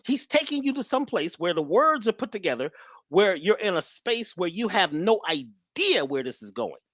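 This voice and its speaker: A woman's voice: on the low side, sing-song, normal speed, a bit bright, dry recording, studio quality. A woman guest speaker talking in an emphatic, preachy but casual way about spirituality and love. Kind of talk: spiritual talk, casual conversation.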